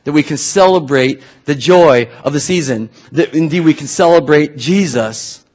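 A man preaching a sermon in a casual, animated way, often restarting his sentences. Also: a little high, normal speed. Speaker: pastor.

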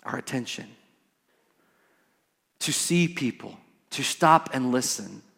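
A man preaching a sermon as pastor, emphatic and swinging from hushed words to loud ones. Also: medium pitch, animated, slow pace, creaky. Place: church. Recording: church hall reverb.

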